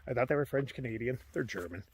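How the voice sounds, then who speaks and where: A man's voice: medium pitch, lively intonation, fast talker, background noise. A man vlogging casually outdoors on a long trail hike, chatting in a rambling way and sometimes dropping to a whisper. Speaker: thru-hiker vlogger.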